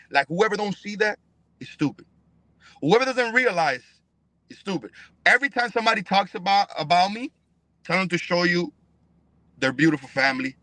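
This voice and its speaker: A man's voice: sits high, sharp tone, no echo. A man, a professional fighter guest on a podcast, talking heatedly in a blunt, profane, emphatic way. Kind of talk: heated interview talk.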